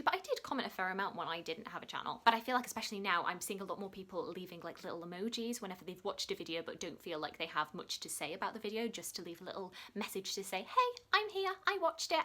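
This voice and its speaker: A woman chatting casually as host of a book channel, answering viewer questions and voicing little quotes in a higher tone. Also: pushed and bright. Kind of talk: casual Q&A vlog chat.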